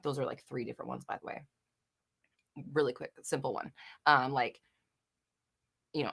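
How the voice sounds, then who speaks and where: Bright-voiced chatty young woman streaming live. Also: rumbling low, fairly even intonation, moderate pace, creaky, pauses often, slightly rough. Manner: chatty, giggly and swearing, with many fillers. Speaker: host of a live Q&A chat. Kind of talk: casual live-stream chat, reading comments. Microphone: desk microphone.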